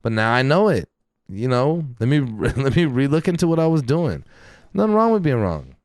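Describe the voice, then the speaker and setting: A man's voice: medium pitch, very animated, normal speed, no echo. A man co-hosting a podcast, talking in an emphatic, profane rant full of casual slang. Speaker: podcast co-host. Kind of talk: casual chat.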